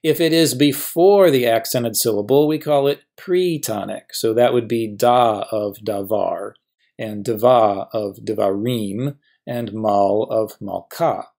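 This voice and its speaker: A middle-aged man teaching a recorded grammar lecture, patient and methodical, slowing down to sound out each example word. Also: lowish voice, vocal fry, a little mellow. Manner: patient, stretches out example words slowly. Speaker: professor teaching biblical Hebrew.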